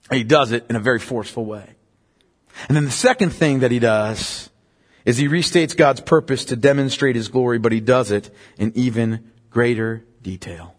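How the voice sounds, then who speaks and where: A man preaching an emphatic expository sermon as pastor, often sinking his voice low and quiet to drive a point home. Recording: long hall reverb.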